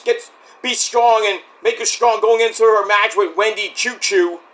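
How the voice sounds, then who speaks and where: A man giving a casual solo review of a wrestling show, excitable and profane, breaking into rants. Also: extremely high pitch, normal speed.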